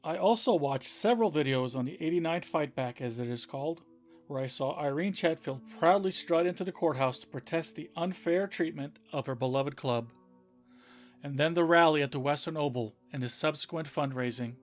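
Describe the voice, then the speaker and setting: A man's voice: a little high, moderate pace. A man hosting a podcast, telling a story in an earnest, scripted narration. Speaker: podcast host. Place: home in Florida. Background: soft background music.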